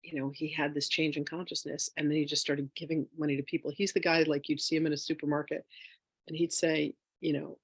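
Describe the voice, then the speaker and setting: A woman telling a personal story in a casual, animated way as a spiritual wealth teacher, with lots of fillers. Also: low voice, fairly quick, breathy edge, no room sound. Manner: animated, chatty, with frequent fillers; emotional, near tears.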